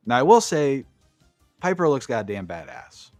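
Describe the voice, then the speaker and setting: A man's voice: medium pitch, very animated, normal speed, a little mellow, no room sound, faint music behind. A man co-hosting a podcast, recapping wrestling matches in a casual, profane, enthusiastic play-by-play way. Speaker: podcast co-host.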